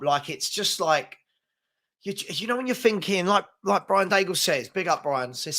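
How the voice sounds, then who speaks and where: A man's voice: sits high, lively intonation, moderate pace, bright, forceful tone. A man hosting a casual live-stream chat, frustrated and rambling, reading out viewer comments as he talks. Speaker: host.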